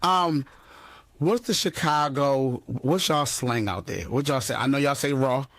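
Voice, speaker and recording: A man's voice: mid-range voice, measured pace, a bit bright, no room sound. A man hosting an interview, laid-back and curious, joking around in casual chat. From DMV area, USA. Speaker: interview host.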